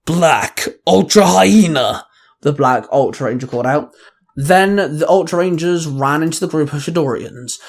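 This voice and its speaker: A man reading his own fan fiction aloud as host of the show. He reads at a measured pace and slows down for titles. His voice sits a little higher than most men's.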